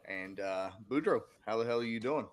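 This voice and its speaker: A man's voice: fairly low pitch, normal speed. A man co-hosting a sports podcast, chatting casually and rambling with many fillers and restarts. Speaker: podcast co-host.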